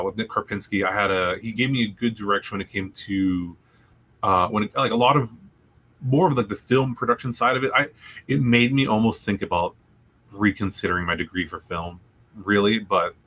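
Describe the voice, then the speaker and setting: A young man on a student radio show, talking in loose, jokey rambles that keep doubling back to fix what he just said. His voice sits fairly low but has a bright, forward tone. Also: fairly even intonation, brisk. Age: young adult. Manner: rambling, self-correcting, jokey. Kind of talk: casual chat.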